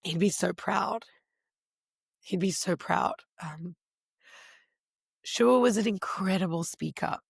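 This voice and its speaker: Brief: middle-aged woman, interview guest, animated storyteller, slight fry. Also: mid-range voice, slow pace, pauses often, no room sound, studio quality. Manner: expressive, animated storyteller with voices. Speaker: podcast guest. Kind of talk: interview conversation.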